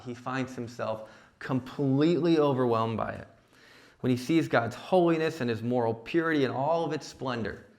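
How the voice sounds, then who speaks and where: A man giving a sermon at a young adults retreat, conversational, often checking in with "right?". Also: mid-range voice. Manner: conversational preaching, frequent "right?" and "like". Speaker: young adult ministry speaker. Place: church retreat session.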